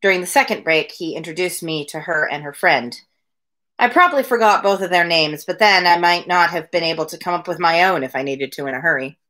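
A woman's voice: fairly low pitch, a little fast, sharp tone. A woman reading a novel aloud on a home livestream, breaking off now and then for chatty asides to her viewers. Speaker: reader of a daily livestreamed book reading. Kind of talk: read-aloud livestream narration. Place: home room with window blinds.

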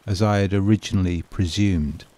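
A man narrating a personal memory in a slow, measured, wistful way for a home renovation vlog. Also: deep voice, steady tone, mellow, slight background noise.

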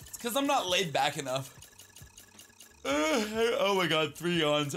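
A young man giving casual, rambling gaming commentary as a YouTuber, joking with viewers and breaking into loud playful outbursts. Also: high-pitched, big pitch swings, slow pace, gravelly.

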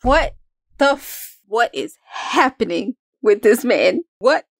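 A woman reacting to an album in casual commentary, excitable, swearing a lot and breaking into exclamations and laughter. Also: a little high, slow pace, dry recording, clean studio sound. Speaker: music reaction host. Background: song playing faintly.

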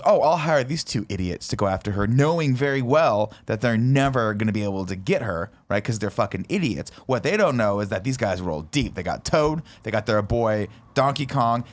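A man co-hosting a podcast, talking in a casual, animated way as he pitches a movie plot to friends. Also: normal speed, few pauses. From United States. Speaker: podcast co-host. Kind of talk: casual chat.

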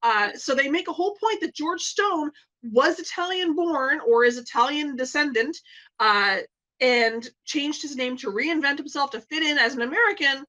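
A woman's voice: high voice, normal speed, sharp tone, low-quality recording. A tipsy woman co-hosting a podcast, blunt and profane, explaining movie scenes at length in casual chat. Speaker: podcast co-host.

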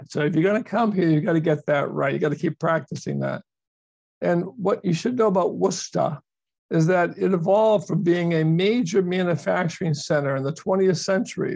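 Over a video call microphone, a man speaks as a university presenter in a virtual session, explaining at length and repeating words for emphasis. His voice sits fairly high, with vocal fry and a darkish tone, and there's no room sound.

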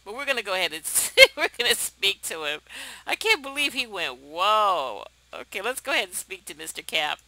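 A young woman hosting a let's play, chatting to viewers in a chatty, excitable way and laughing often. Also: mid-range voice, brisk, rough recording. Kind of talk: casual gameplay commentary.

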